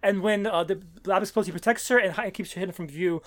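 A man in casual conversation about a comic, talking excitedly with frequent stammers and restarts. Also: high-pitched, quick pace. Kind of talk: casual comic-book discussion.

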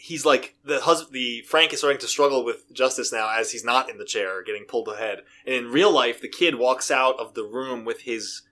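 A man with a bright, forceful voice recapping a film scene by scene in a casual podcast chat. He laughs often as he tells it, keeping the pitch at an ordinary middle level. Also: normal speed, hardly any pauses. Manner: retells plot animatedly, laughing often. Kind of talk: casual movie discussion.

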